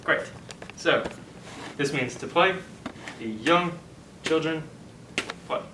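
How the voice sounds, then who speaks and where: A man co-hosting a language lesson, slowly and deliberately explaining grammar with example sentences. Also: a little high, distant mic. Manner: slow, deliberate, checks in with partner. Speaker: co-host teaching Esperanto. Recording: echoey room, mic set back, faint noise.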